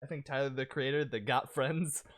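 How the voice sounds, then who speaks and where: A young man co-hosting a podcast trades teasing banter with his friend. He laughs easily through a casual chat. His voice is an everyday one, neither high nor low. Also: steady tone, normal speed, a bit bright. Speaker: podcast co-host.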